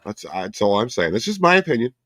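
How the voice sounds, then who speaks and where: A man's voice: on the low side, very animated, quick pace, fairly bright tone, slightly rough, no room sound, clean studio sound. A man co-hosting a casual podcast chat, joking around and laughing often. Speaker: co-host.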